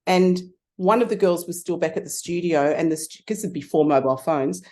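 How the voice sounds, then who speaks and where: A middle-aged Australian woman who works as a photography consultant tells lively stories in a casual interview, restarting her sentences frequently. She speaks briskly in a lowish voice.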